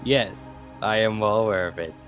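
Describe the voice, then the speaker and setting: A man's voice: lowish voice, moderate pace, lo-fi sound, soft background music, natural voice. A man voicing a polite, earnest adventurer in a tabletop game, speaking with formal courtesy.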